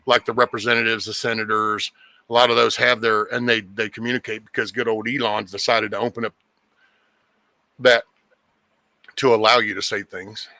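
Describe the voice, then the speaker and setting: A man's voice: lowish voice, little pitch movement, normal speed, pauses often, pushed and bright, dry recording, rough recording. A man hosting a casual podcast chat, talking bluntly and profanely, rambling and restarting his sentences.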